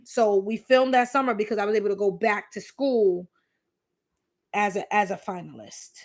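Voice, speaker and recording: A woman's voice: medium pitch, normal speed. A woman, hosting a live question-and-answer stream and telling candid stories with emphatic repeats. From the Bronx, New York City. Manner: chatty, candid, tells anecdotes with emphatic repeats. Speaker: host. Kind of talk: live Q&A chat with storytelling.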